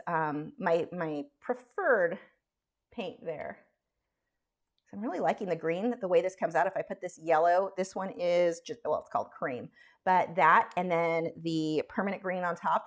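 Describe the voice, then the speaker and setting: A woman artist chatting casually on a live stream while she draws, rambling and self-deprecating. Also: lowish voice.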